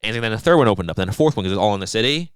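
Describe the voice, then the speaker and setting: Fast-talking young man, smooth dry voice. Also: on the low side, expressive, no echo. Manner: rambling, profane, mimics people in quoted voices. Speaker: podcast co-host. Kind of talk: casual podcast chat.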